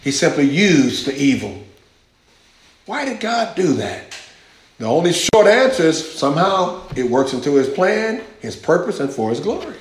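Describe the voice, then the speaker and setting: A man's voice: a little high, big pitch swings, moderate pace. A man preaching a passionate sermon as pastor, repeating phrases for emphasis and drawing answers from his congregation. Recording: very echoey church hall.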